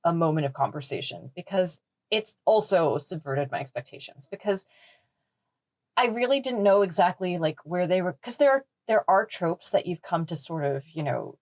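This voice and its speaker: Woman, podcast co-host, analytical, low pitch, dry recording. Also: lively intonation, moderate pace, darkish tone, dry recording. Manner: thoughtful, analytical, laughs easily. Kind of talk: casual film discussion.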